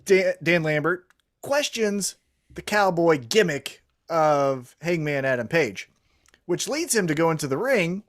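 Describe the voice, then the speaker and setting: Animated male wrestling podcast co-host. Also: on the high side. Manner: animated, swearing, quick asides. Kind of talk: casual podcast chat.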